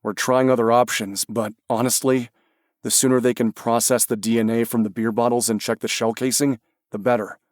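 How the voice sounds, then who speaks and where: A man voicing a calm, steady rescuer. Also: mid-range voice, normal speed, no echo, clean studio sound, close to an everyday voice. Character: steady man, search and rescue dog handler.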